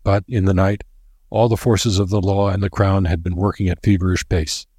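A man narrating a novel in a measured, dramatic storytelling manner. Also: low voice, flat delivery, dark tone, husky, dry recording, clean studio sound. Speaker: audiobook narrator.

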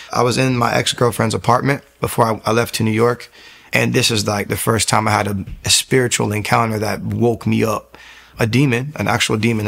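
Young man, low gravelly voice, earnest testimony, rambling delivery. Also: fairly bright tone. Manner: earnest, rambling with restarts, intense. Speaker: guest sharing testimony. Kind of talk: personal testimony, casual storytelling.

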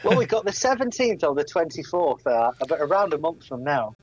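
A man's voice: fairly high pitch, very animated, a little fast, husky, no room sound, muffled recording. A man from England, a guest on a radio show, telling stories in a chatty, good-humoured way. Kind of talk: casual radio banter.

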